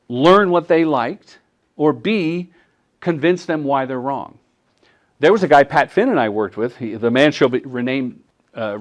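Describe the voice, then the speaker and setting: Middle-aged male workshop presenter, lively pitch, acts out dialogue. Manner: animated, acts out quoted dialogue in voices. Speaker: workshop presenter, commercial director. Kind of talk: workshop talk answering audience questions. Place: workshop room at a film festival.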